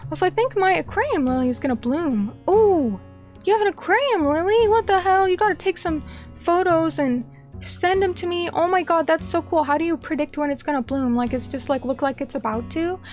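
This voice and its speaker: High-voiced excitable woman streamer. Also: a little fast, soft background music. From United States. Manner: excitable, gushing, ranting. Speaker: vtuber streamer. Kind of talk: casual chat reading viewer comments.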